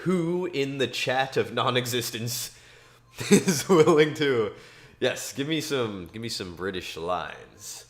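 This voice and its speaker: A man's voice: mid-range voice, lively intonation, slow. A man streaming alone, reading scripture aloud and chatting casually, rambling to himself and chuckling often.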